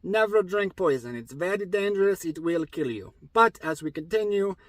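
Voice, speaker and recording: A man tells a story for kids in a playful, deliberately broken English, full of fillers. His voice sits fairly high. The recording is close and dry. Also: expressive, dry recording. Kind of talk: comic story retelling.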